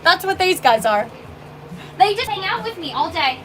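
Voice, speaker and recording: A woman's voice: very high voice, big pitch swings, normal speed, a bit bright, slight background noise. A woman who owns a coffee shop, chatting on a livestream and reading out viewer comments in a bubbly, gushing, emotional way. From Canada. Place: small coffee shop, indoors.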